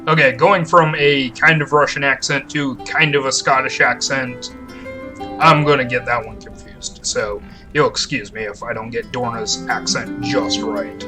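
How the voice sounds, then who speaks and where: A man's voice: mid-range voice, steady tone, unhurried, rough recording. A man giving wry, casual gameplay commentary over game music. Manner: wry, self-deprecating. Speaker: let's play gamer.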